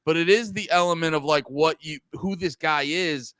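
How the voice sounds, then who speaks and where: Podcast guy with a high bouncy voice, rambly, dry close sound. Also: normal speed, no room sound. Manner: animated, rambling, acts out what he thought. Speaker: podcast co-host. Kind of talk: casual chat about movies.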